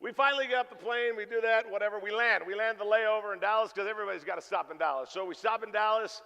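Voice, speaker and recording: A pastor preaching a sermon, telling a funny story in an animated way and acting out the dialogue. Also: male voice, high-pitched, fast, vocal fry, highs cut off. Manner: animated, jokey, acts out dialogue. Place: church sanctuary. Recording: reverberant church hall.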